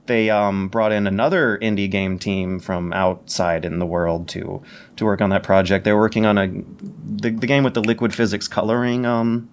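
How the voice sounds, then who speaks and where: A man co-hosting a casual podcast, who talks quickly and keen, stammers and corrects himself as he goes. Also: fairly low pitch, fairly even intonation. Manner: fast, stammering, self-correcting enthusiasm. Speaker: podcast co-host.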